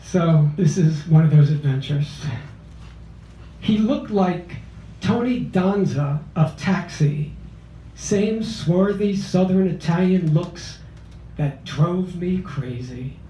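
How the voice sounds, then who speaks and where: A man in his sixties from Philadelphia reads his memoir-style poetry at a cafe open mic, deliberate and measured. His voice is high and his pace unhurried. He sounds distant and roomy. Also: dark tone, slight background noise. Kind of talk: poetry reading of a memoir piece.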